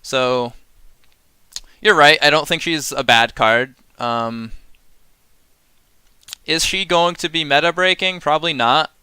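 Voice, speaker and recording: A man's voice: fairly high pitch, slow, pauses often, bright, forceful tone, clear, resonant tone, no room sound. A man giving casual live-stream commentary on a card game set, chatty and sarcastic, often laughing and working himself up into mock rants.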